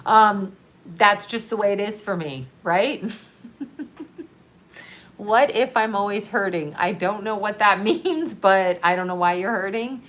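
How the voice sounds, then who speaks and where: Her voice sits high with a fairly bright tone as this middle-aged livestream host from the United States talks openly in a monologue. Grieving, she still laughs frequently, speaking bluntly and with profanity.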